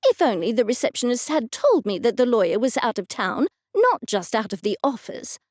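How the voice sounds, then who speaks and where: A woman narrator voicing a brisk, bossy older aunt who speaks in a curt, commanding way and is easily exasperated. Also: fairly high pitch, sing-song, a little mellow, no echo, clean studio sound. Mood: irritated.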